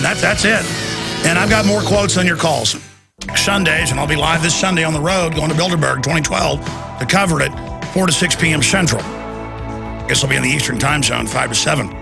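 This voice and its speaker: A man's voice: fairly high pitch, vocal fry. A man hosting a radio talk show with a heated rant, often repeating words as he gets worked up. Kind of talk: ranting radio monologue.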